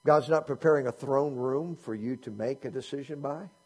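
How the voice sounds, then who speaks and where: A man delivers a sermon in a relaxed, conversational style, posing question after question to his listeners. His voice is warm and dark with a husky edge. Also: mid-range voice, moderate pace. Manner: conversational preaching with rhetorical questions. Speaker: pastor.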